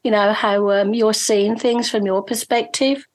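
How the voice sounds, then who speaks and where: A woman's voice: medium pitch, steady tone, a little slow. A woman hosting a local podcast, chatting casually with a guest, full of encouraging affirmations and "you know". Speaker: podcast host. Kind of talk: casual interview chat. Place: local podcast in Waterloo region.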